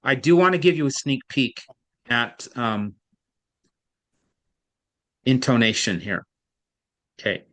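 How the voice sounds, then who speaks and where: A man's voice: medium pitch, lively intonation, slow pace, pauses often, a bit bright. A man tutoring a student in reading, explaining patiently and at length, with frequent restarts. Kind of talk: one-on-one online tutoring.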